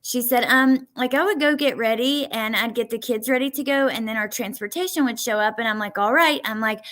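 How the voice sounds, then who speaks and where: Woman, fairly high voice, reads a transcript aloud, plain and halting, voices both questions and answers, livestream host. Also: fairly bright tone. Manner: conversational, halting read with many fillers. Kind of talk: reading an interview transcript aloud.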